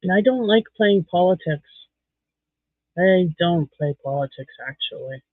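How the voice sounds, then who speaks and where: A man's voice: sits high, animated, unhurried, dry recording. Blunt man on a tinny, phone-like stream. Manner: blunt, candid opinions. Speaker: livestream host. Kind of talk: casual livestream chat while beading. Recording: tinny phone-like dry sound.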